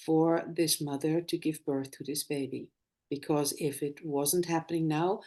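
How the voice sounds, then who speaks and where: A middle-aged woman, a former nurse and birth educator, talking in a live conversation and telling lively stories from her practice. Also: deep voice. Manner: animated storytelling, acts out quoted dialogue.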